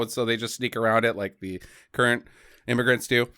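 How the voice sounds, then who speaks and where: A man's voice: mid-range voice, steady tone, fairly quick, sharp tone, clean tone, dry recording, clean studio sound. A man co-hosting a comedy podcast, rambling through a bad movie's plot with profane jokey asides. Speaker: podcast co-host. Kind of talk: casual comedic film review.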